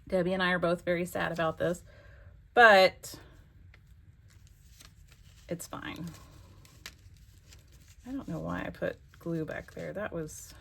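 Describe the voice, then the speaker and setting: A woman's voice: medium pitch, vocal fry, a little hiss or hum. A woman hosting a crafting vlog, chatting casually and talking to herself as she works. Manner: chatty, exclamatory, talks to herself while working. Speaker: crafting channel host.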